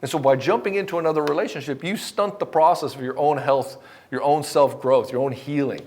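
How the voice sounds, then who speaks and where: A man's voice: on the high side, fairly quick, a little mellow. A middle-aged man coaching divorced men, speaking bluntly and passionately with frequent swearing, sometimes acting out both sides of a conversation. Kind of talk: direct-to-camera motivational talk.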